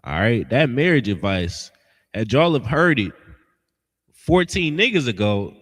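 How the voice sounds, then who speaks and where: Male preacher-teacher, animated swooping delivery, blunt and scolding, reverberant hall sound. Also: mid-range voice, measured pace. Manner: blunt, scolding, emphatic with slangy asides. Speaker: religious teacher. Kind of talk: street-style preaching lesson.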